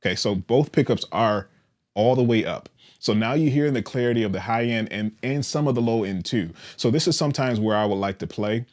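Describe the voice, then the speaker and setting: A man gives a casual instructional demo of a bass guitar's controls, explaining things in a relaxed way at a fairly quick pace and frequently checking in with "all right."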